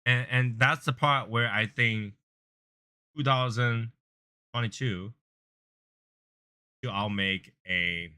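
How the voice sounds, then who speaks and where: His tone clean, the cigar review host speaks slowly and pauses often during a casual, earnest chat. He rambles and repeats, raising his voice in volume and pitch to act out angry callers.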